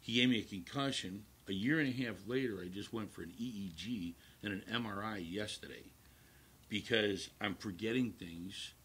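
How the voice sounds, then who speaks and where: Husky older man telling his story. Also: on the low side, normal speed, fairly bright tone. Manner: emphatic, repeats phrases, acts out the people in his story. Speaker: guest. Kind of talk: personal storytelling in a talk show interview.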